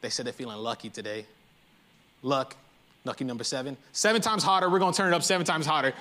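A man's voice: medium pitch, quick pace, sharp tone, pitched below the performer's own voice, close to an everyday voice. A man voicing a proud ancient king who blusters and gives orders in anger. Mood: boastful. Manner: blustering, commanding. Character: angry proud ancient king, boastful bully.

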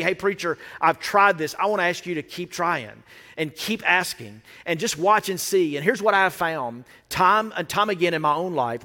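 Male pastor, sermon delivery, a touch high-voiced, chatty with joking asides, reverberant church hall. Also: sharp tone. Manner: conversational, with playful asides and acted-out quotes. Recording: echoey hall with long reverb.

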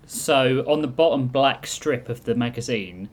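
A man's voice: mid-range voice, a little slow. A man guest on a podcast, chatting casually with dry humor and sharing trivia details. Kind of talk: casual comedic chat.

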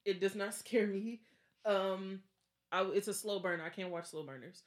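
A woman's voice: mid-range voice, normal speed. A young woman hosting a podcast, casually telling a ghost story and acting out the other people's lines. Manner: animated, acts out quotes with laughs. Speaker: podcast host.

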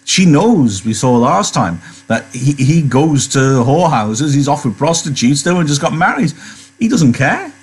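A man's voice: fairly high pitch, sing-song, measured pace, husky. A man teaching, reading a novel aloud and chatting about it with rhetorical questions.

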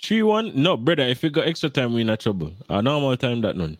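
A man talks football in loose, patois-heavy banter. His pitch swings widely as he argues. The sound is close and dry, with no room around it. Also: huge pitch swings, quick pace, dry recording. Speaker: podcast co-host. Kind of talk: casual football chat.

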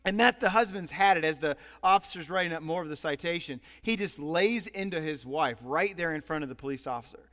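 A male pastor delivers a sermon in a lively, storytelling style, brisk and with few pauses. His voice is high for a man and surrounded by long hall reverb.

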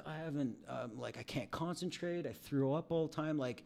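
A man's voice: medium pitch, a little fast, creaky, a little mellow. A middle-aged man, an emotional recovery coach, talking candidly in a casual interview and acting out bits of dialogue as he tells stories.

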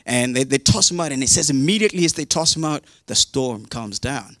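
A man's voice: medium pitch, lively intonation, fairly quick, a bit bright, dry recording. A male preacher retells a Bible story in a casual, joking way, mixing in modern slang. His voice sits in a middle range. The recording is dry and close, with almost no room sound. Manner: chatty and humorous, with modern slang.

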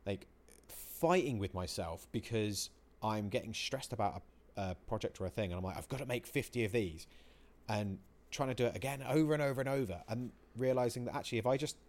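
A man with a lowish voice, chatting casually on a podcast. He talks in an animated way, swears freely and acts out the things he shouts at himself. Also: brisk, few pauses. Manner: animated, swears freely, acts out his own quoted outbursts. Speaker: podcast co-host. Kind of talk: casual chat.

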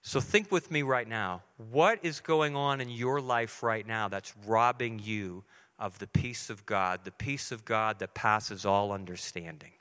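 A man's voice: fairly low pitch, measured pace, bright, forceful tone, clear, resonant tone. A middle-aged man preaching a sermon in a church, talking earnestly and conversationally to the congregation. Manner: earnest, conversational, acts out dialogue. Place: church sanctuary. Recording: long reverberant hall.

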